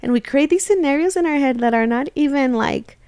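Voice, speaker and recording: A woman in her thirties, co-hosting a casual chat, animated as she acts out her own thoughts. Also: sits high, a little fast, dry recording. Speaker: co-host.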